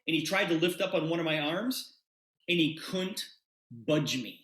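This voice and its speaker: A man's voice: on the high side, normal speed. A man giving a sales presentation, telling a story and acting out both sides of a conversation. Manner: animated, acts out quoted dialogue. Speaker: presenter pitching a business opportunity. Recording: roomy echo.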